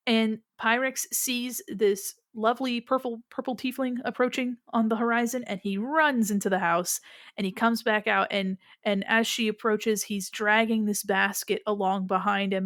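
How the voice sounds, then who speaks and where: A woman's voice: fairly high pitch, fairly even intonation, moderate pace, fairly bright tone, no echo, clean studio sound. A woman narrating a tabletop game as game master, playful and rambling.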